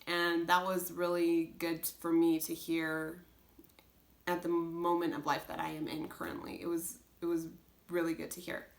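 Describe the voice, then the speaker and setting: A woman's voice: fairly low pitch, completely flat delivery, normal speed, creaky. A young woman talking casually as a homeschooling mom, earnest and rambling, full of restarts and "like". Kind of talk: casual chat.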